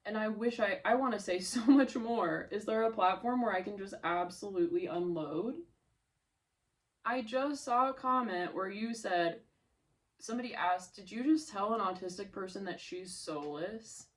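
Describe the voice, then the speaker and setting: Speaking at a moderate pace in a medium-pitched voice, a woman content creator rants angrily on her vlog. She curses and confronts someone she is upset with head-on, her voice tight with fury.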